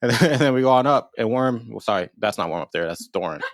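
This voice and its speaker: A man's voice: medium pitch, animated, fast talker, dry recording, studio quality. A man casually recapping the last session of a tabletop game, telling it with jokes and laughs. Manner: laughing, jokey storyteller. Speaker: player.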